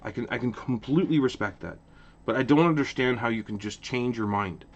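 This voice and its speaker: A man's voice: mid-range voice, brisk, highs cut off. A man from Ottawa, Canada, hosting a casual opinion rant to camera, passionate, with lots of repeated restarts. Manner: passionate, repetitive restarts, animated. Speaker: hockey channel host.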